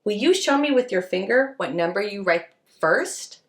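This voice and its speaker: A woman leading a preschool circle time lesson, talking to young children in a slow, sing-song, encouraging way. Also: mid-range voice, expressive, fairly bright tone, reverberant. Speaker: preschool teacher.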